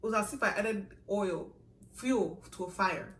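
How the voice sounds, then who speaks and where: Young woman, casual storytelling, bright tone, roomy echo, slightly distant mic. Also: mid-range voice, unhurried. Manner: animated, laughing, full of asides. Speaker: vlogger. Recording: echoey room, a little far from the mic.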